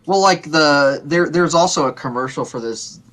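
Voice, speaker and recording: With a slightly high, fairly bright voice at a moderate pace, a podcast co-host from the Pittsburgh area chats casually. He rambles, repeats words and slips into playful impressions.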